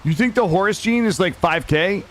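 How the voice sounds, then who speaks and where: A man streaming a game live, talking casually to his chat in an excitable, slangy way and swearing freely. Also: sits high, moderate pace, a little hiss or hum.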